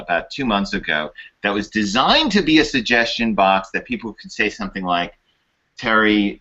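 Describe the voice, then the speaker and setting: Improv host, lower bright voice, chatty, lo-fi call sound. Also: male voice. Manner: rambling, chatty. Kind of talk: casual show introduction.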